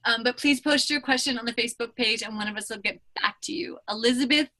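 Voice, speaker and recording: A woman business coach leads a live training call with a bright, ringing voice pitched a little high. She talks fast and emphatically, gushing with praise. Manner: effusive, fast-talking, emphatic.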